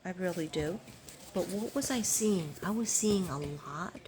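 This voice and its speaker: A woman's voice: fairly low pitch, expressive, measured pace. An older woman chatting casually to her viewers, rambling with many ums and restarts. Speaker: vlogger.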